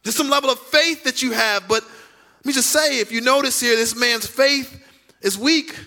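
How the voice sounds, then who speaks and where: High, bright-voiced preaching pastor. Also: male voice. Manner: preaching with dramatic pauses and emphatic drawn-out words; conversational, asks the congregation direct questions. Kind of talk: sermon. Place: church sanctuary.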